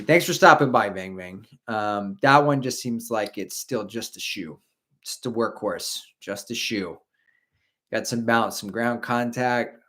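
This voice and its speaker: A man's voice: mid-range voice, fairly bright tone. A man in his forties hosting a live stream, chatting casually in a rambling way and reading out viewer comments. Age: 40s. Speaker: podcast host.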